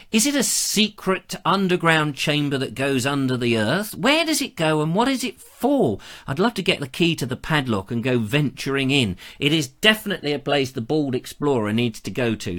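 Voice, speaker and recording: A man's voice: fairly high pitch, bright, forceful tone. A man from England hosting a live online show in a chatty, digressive and playful way, with plenty of fillers. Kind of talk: rambling live-show chat.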